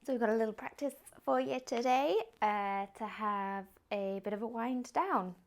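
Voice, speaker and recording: A young woman teaching a yoga class, giving calm, gently encouraging cues. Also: on the high side, moderate pace. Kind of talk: guided yoga instruction.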